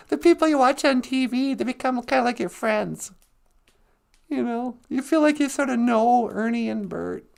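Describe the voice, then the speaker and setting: A man doing a high, gravelly-voiced woman who drawls slowly through a livestream full of crude, giggly jokes. She rambles from one silly thought to the next, in a comedy sketch. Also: darkish tone, full character voice. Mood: chatty.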